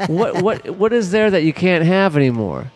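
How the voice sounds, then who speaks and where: A man co-hosting a casual talk show, telling stories in an animated, profane way. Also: high voice, moderate pace. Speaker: podcast co-host. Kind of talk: casual chat.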